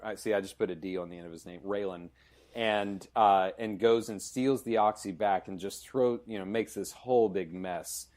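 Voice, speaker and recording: A man's voice: lowish voice, normal speed, hardly any pauses, a little mellow. A man hosting a podcast, chatting casually and enthusiastically, rambling as he retells scenes. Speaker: podcast host. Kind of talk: casual conversation.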